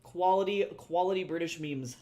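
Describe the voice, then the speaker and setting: He speaks at a normal speed in a high, mellow voice. A young artist streaming live and reading chat, he keeps things loose with viewers, pokes fun at himself, swears freely, and laughs easily.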